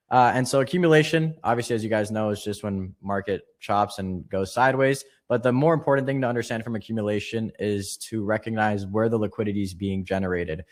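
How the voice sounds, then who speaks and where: A man teaching a live online trading lesson, explaining quickly and casually with fillers. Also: fairly low pitch. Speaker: trading instructor.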